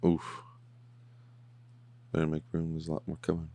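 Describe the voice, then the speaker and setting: A man hosting a podcast, casually recapping and reacting to a TV episode in a slangy, animated way. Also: a bass voice, normal speed. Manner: slangy, animated, says "bro" a lot. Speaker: podcast host.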